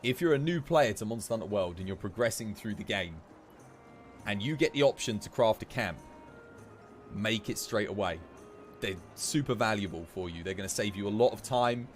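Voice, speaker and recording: A man's voice: lowish voice, expressive, moderate pace, faint music behind. A young man streaming a game, chatting casually with viewers, joking and swearing now and then. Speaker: gaming streamer. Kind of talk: casual livestream chat while playing.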